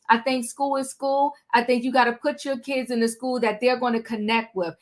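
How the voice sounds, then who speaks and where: A woman hosting a live chat show, talking in a direct, conversational way and cutting in firmly. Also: a little high. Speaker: host.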